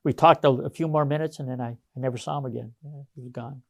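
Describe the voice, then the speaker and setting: A retired Marine in his sixties, telling his war stories in a loose, rambling way and stopping often to search for names. His voice is mid-pitched and sits dry and close to the mic. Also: fairly even intonation, fast, vocal fry, dry recording. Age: 60s. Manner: rambling, anecdotal, many fillers and restarts. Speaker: retired Marine gunnery sergeant, interviewee. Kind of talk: casual storytelling interview.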